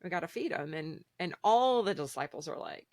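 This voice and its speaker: A woman's voice: on the low side, a little fast, dry recording. A woman hosting a casual spiritual conversation, rambling with hesitations and livening up when she quotes people. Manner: rambling and hesitant, many fillers, gets lively when quoting. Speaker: podcast host.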